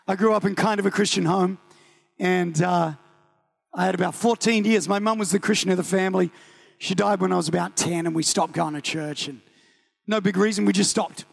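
A New Zealand preacher in his thirties tells a personal story from the pulpit. His voice sits high and carries a heavy gravelly rasp. He jokes often and acts out the other voices in the story. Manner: animated, joking, acts out voices. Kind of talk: sermon storytelling.

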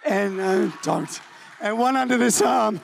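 A New Zealand preacher in his thirties tells a personal story from the pulpit. His voice sits high and carries a heavy gravelly rasp. He jokes often and acts out the other voices in the story. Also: a little slow, a little hiss or hum. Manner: animated, joking, acts out voices. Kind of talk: sermon storytelling.

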